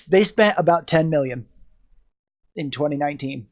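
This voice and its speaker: A woman's voice: sits low, normal speed, pauses often. A woman streamer with a cold, chatting casually on a livestream, joking and swearing as she rambles. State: sick with a cold.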